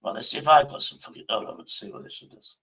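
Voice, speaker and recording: Man, gravelly voice, rambling livestream chat, curses all the time. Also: medium pitch, fast talker, bright, forceful tone. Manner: swears constantly, rambling, talks to himself.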